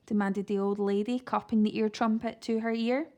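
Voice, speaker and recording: A woman reading a children's book aloud with animated, expressive storytelling. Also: medium pitch, moderate pace, few pauses. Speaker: reader.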